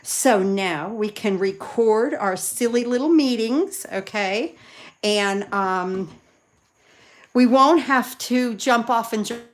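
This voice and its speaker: A woman chatting excitedly with viewers while she demonstrates card making live from her craft room. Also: a little high, slow pace. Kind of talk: live crafting demo chat.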